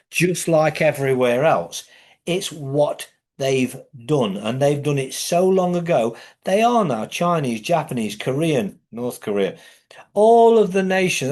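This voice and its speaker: A middle-aged Englishman with an English accent holds forth in a heated, profane monologue, his voice sitting slightly higher than most men's. He swears freely and keeps pushing his delivery up into emphatic outbursts. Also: darkish tone. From England.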